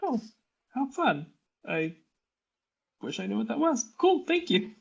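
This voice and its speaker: A tabletop player asking halting, self-interrupting questions, with a lively, swooping voice. The tone is gravelly and husky, and the audio sounds dull and lo-fi. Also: medium pitch. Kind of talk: playing a tabletop game, in and out of character.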